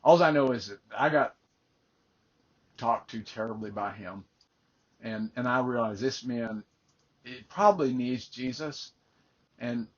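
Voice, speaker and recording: A man's voice: mid-range voice, breathy edge, lo-fi sound. An older man, a life coach, earnestly telling a personal faith story and often repeating words as he starts a phrase.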